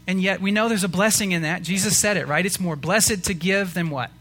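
Bright-voiced man preaching a sermon. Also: high-pitched, brisk. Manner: earnest, rising to emphatic preaching with rhetorical questions. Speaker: pastor.

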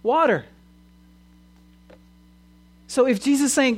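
A preacher giving a sermon, asking the listeners questions and moving between loud proclamation and quiet, conversational asides. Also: medium pitch, a little slow, pauses often. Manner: asks the audience many questions.

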